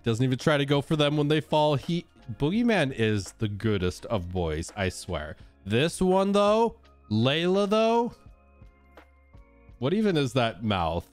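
A man's voice: medium pitch, sing-song, measured pace, soft background music. A man casually chatting on his live stream while playfully coaxing his dogs through a treat trick, laughing often.

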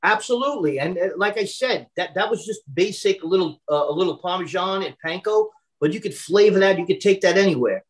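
A man's voice: sits high, lively intonation, a little fast, few pauses, poor audio. A man from Brooklyn, a personal chef chatting casually on a video call, full of fillers and restarts. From Brooklyn, New York. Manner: chatty, repeats words when starting, many fillers.

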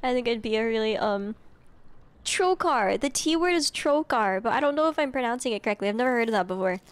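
This is a young adult woman with a high voice, playing a game on stream. She reads game instructions aloud, loses her train of thought, and giggles as she chats with her viewers. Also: expressive, quick pace, smooth, no room sound. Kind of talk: casual game commentary.

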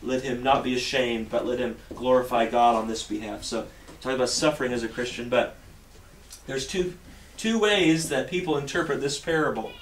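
A male pastor delivers a sermon at normal speed in a mid-range voice, earnest and prone to repeating and restarting his phrases. Captured from afar in a church sanctuary, the audio carries a spacious echo and a light hiss.

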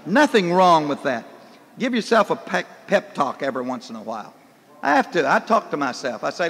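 An older man preaching a folksy, animated sermon, recorded in a church hall in the early 1990s. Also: high voice, fairly quick, a faint crowd.

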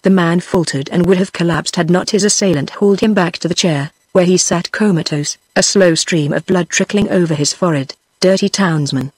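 A text-to-speech woman's voice with a British English accent, reading a short story aloud in one even synthetic manner for every character. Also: lowish voice, a little fast, few pauses, breathy edge, dry recording. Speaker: audiobook narrator.

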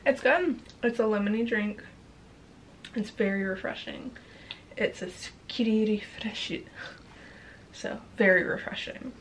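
A woman's voice: medium pitch, measured pace, long pauses, slight background noise. A young woman vlogging casually about her days abroad, chatty and giggly, swearing now and then. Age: young adult. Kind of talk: casual travel vlog chat.

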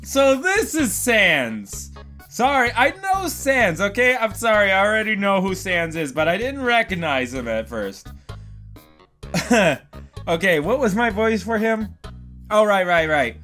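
Male let's-player with a high, bright voice, jumpy and profane. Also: very animated, a little slow, soft background music. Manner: jumpy and swearing, frequent yelps and laughs. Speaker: let's play gamer. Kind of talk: casual gameplay commentary.

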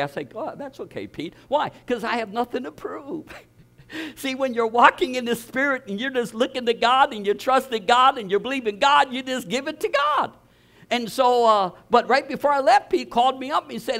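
A man preaching a sermon as pastor, telling a story with animated energy, often repeating words and starting over. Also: very high-pitched, brisk.

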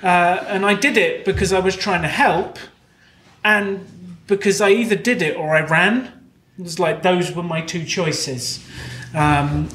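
A man with a British accent answers audience questions on a live stage, candid and quick to poke fun at himself. His voice sits a little high, and the hall around him rings with echo. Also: fairly bright tone. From Britain. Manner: candid, self-deprecating, quick. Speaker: guest speaker. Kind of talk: live Q&A storytelling. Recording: echoey live venue.

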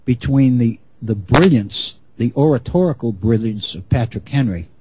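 A middle-aged man giving an unscripted history lecture, measured and often restarting his phrases. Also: medium pitch, lively intonation, noisy background.

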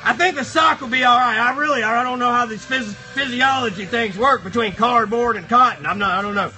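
A shrill, piercing cardboard box monster, hollering crude jokes at his live chat. Bright, strained squeals that climb very high, with faint music playing behind. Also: fairly quick, heavily acted. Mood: rowdy. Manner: shouty, crude, rambling banter with chat. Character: rowdy foul-mouthed cardboard box monster. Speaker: live streamer. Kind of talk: live stream puppet character chat.

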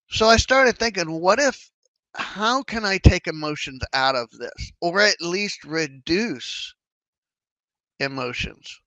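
A man's voice: fairly high pitch, dry recording, low-quality recording. A man explaining trading in a casual, conversational way, acting out his own worried and hopeful thoughts. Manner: conversational, animated, acts out inner thoughts. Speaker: trading educator.

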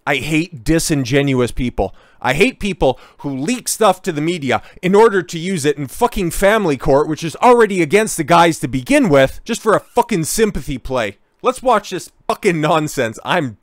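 A man's voice: a little high, sing-song, normal speed, no room sound, clean studio sound. A man giving heated, profane reaction commentary on a video clip. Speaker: online commentator.

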